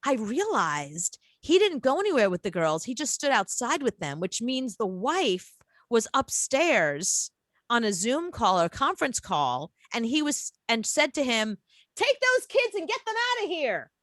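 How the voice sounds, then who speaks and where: A woman's voice: fairly high pitch, measured pace, no echo. A woman co-hosting a casual radio talk show, telling stories expressively and laughing. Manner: expressive storyteller, laughing, acting out quotes.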